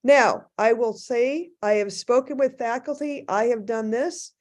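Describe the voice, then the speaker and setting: A woman speaking as a faculty panelist in an academic discussion, thoughtful and halting, with many restarts. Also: a little high, a little mellow.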